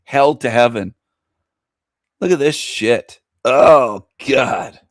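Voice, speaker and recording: Middle-aged man, sneering crude commentary, average pitch, dead-dry sound. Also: takes it slowly, no echo. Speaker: host. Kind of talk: mocking reaction commentary.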